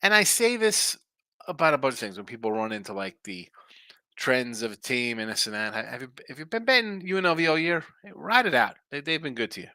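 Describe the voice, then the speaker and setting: Fatigued and yawning, this sports betting podcast host still speaks in a sing-song, fairly quick mid-range voice that's bright and forceful. He chats loosely on a live stream, picking up viewer messages and answering them, with no room sound.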